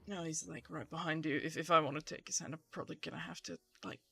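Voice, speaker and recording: A woman's voice: sits low, steady tone, quick pace, gravelly, a bit bright, breathy edge. Chatty woman player in a tabletop game. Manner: joking, chatty with fillers. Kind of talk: casual tabletop game chat.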